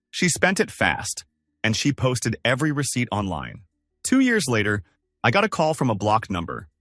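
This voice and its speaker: A man narrating scripted first-person stories in a dry, measured, wry way. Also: mid-range voice, fairly bright tone, dry recording. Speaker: storyteller.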